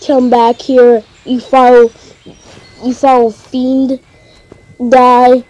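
Lady doing a slow grumbly bad guy, flat creepy threats. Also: high-pitched, muffled recording. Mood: menacing. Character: menacing future-self villain, slow and grim.

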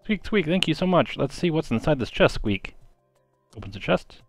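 A polite little hedgehog chirps from a video game, every line rounded off with a squeak, as a man puts on the voice. The voice is pitched up and a little louder than ordinary talk. Faint game music plays underneath. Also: very animated, normal speed. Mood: delighted. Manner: ends lines with "Squeak".

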